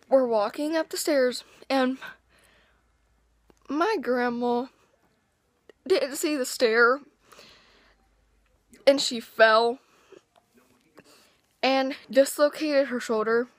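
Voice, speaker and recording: A teenage girl with a hoarse, worn-out voice, excitedly telling a rambling story in a casual vlog. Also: a little high, no echo. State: hoarse, lost voice. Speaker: vlogger.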